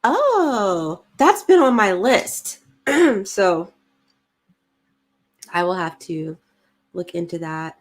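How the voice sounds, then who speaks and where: A woman's voice: medium pitch, sing-song, drawn-out words, pauses often. A woman, co-hosting a casual livestream, chatty and giggly as she reads comments aloud. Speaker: podcast co-host reading live chat.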